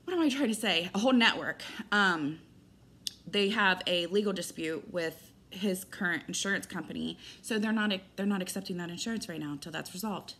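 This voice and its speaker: A middle-aged woman talks straight to her audience in a loose, rambling personal update. Her voice sits a little low, and she slips into lively retellings of conversations as she goes. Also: fairly quick, breathy edge. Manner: rambling, candid, animated retelling with quoted dialogue. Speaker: vlogger.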